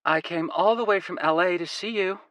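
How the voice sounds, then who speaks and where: A man's voice: moderate pace, fairly bright tone, dry recording, dull audio. A man voicing a persistent, friendly young woman with an American accent, in a breezy, coaxing manner. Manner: breezy, coaxing, lifted pitch.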